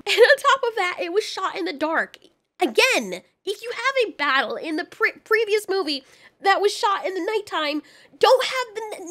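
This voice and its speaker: A woman giving a casual, animated spoken film review, ranting, swearing and a bit stuffy from a cold. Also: very high voice. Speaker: movie reviewer.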